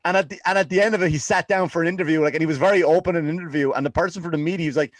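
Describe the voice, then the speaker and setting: A man's voice: on the high side, very fast, dry recording. A man with an Irish accent, rambling through comic stories on a casual podcast and laughing at his own jokes. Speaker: podcast co-host. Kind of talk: casual comedic chat.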